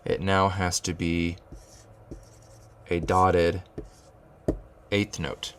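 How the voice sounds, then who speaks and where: A man's voice: deep voice, flat delivery, very slow, background noise. A man teaching rhythm at a whiteboard, thinking aloud with fillers and restarts and chanting rhythm syllables. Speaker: music teacher.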